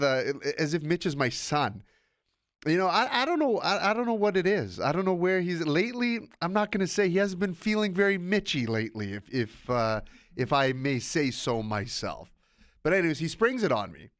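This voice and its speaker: A man's voice: on the high side, fairly bright tone, dry recording, clean studio sound. A man hosting a sports podcast alone, talking in a rambling, self-interrupting, casual way. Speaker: podcast host. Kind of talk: casual solo podcast monologue.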